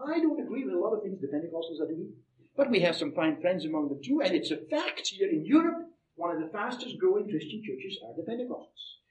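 A man preaching a sermon, emphatic, swinging between loud and quiet. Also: sits high. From Canada. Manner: emphatic, rising and falling in volume. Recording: roomy echo, heard from a distance.

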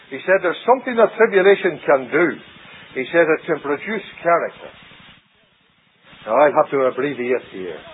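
A man preaching a sermon, dramatic, with sudden rises and hushed drops. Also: a little high, breathy edge. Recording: tinny old radio broadcast.

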